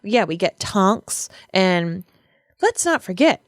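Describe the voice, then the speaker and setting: A woman's voice: mid-range voice, sing-song, slow pace, no room sound, studio quality. A woman co-hosting a podcast, chatting about a book with enthusiasm and reading quotes aloud. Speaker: podcast co-host. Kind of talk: casual book discussion.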